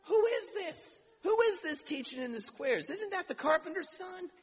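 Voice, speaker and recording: A man voicing mocking neighbors who doubt a hometown man, pitched up and incredulous. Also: sing-song, normal speed, in a large hall. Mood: scoffing. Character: scoffing small-town neighbors questioning a local man.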